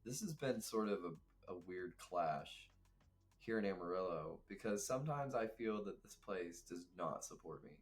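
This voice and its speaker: A man's voice: low-pitched, expressive, moderate pace, soft background music. A young man, a guest telling rambling, reflective stories in casual chat. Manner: rambling, reflective, laughs often.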